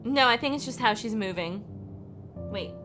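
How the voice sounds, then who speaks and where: A woman streamer reacting to a video game in an animated, emotional way with loud outbursts. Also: a little high, moderate pace.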